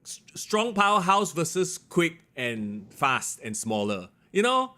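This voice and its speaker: Animated man chatting wrestling. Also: on the high side, slow. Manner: animated, excitable, laughs often. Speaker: podcast co-host. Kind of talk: casual wrestling review chat.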